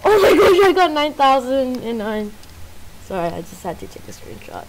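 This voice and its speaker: Excitable gamer woman with lively pitch. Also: normal speed, slight background noise, rough recording. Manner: excitable, bursts of loud exclamations between muttered asides. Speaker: gamer playing with a friend. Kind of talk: casual gameplay commentary.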